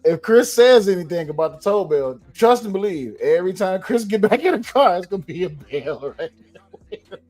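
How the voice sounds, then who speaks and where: Mellow slangy man on a live podcast. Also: high voice, expressive, normal speed, soft background music. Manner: loose, slangy, emphatic. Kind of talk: casual livestream chat.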